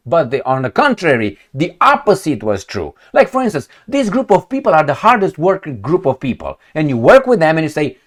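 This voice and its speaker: A man's voice: a little high, big pitch swings, brisk, few pauses. Combative, swearing male political ranter. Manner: combative, profane, sarcastic; reads news excerpts aloud, mocks with put-on quotes. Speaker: political commentator. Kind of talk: ranting video commentary.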